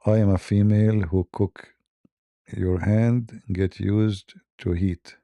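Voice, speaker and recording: Gravelly dark-voiced man chuckling through a story. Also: on the low side, little pitch movement, takes it slowly, no echo. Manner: chuckling, broken English, many restarts. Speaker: host. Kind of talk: casual storytelling on a live stream.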